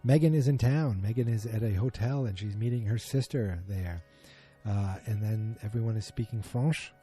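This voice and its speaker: A man's voice: fairly low pitch, moderate pace, dark tone, soft background music. A man hosting a podcast, recapping a TV episode in a casual, rambling way, full of ums and self-corrections. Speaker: podcast host. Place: at home beside a muted streaming screen.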